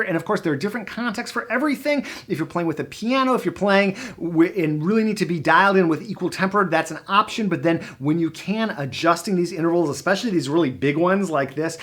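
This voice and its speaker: A double bass teacher giving an encouraging, step-by-step demo lesson, with bass notes played between phrases. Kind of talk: instructional demo with playing.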